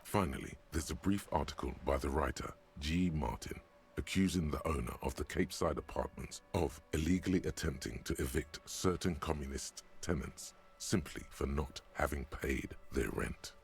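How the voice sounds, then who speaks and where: A man voicing a wry, deadpan narrator in a detective video game, with a dry, sardonic delivery. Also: extremely low pitch, moderate pace.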